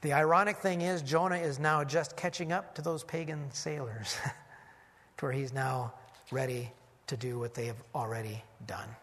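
A man's voice: medium pitch, fairly even intonation, normal speed, a bit bright. A man, a pastor, preaching an earnest expository sermon that he teaches point by point. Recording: long hall reverb.

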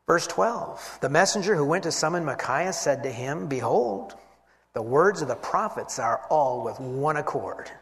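A man teaching scripture as a sermon, his fairly high voice rising for emphasis and falling to near whispers. He acts out the quoted speakers as he goes. The sound carries a long reverb, as in a large hall. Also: a little slow. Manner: animated, voices quoted figures, swings from loud to hushed. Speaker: preacher. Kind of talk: expository Bible teaching.

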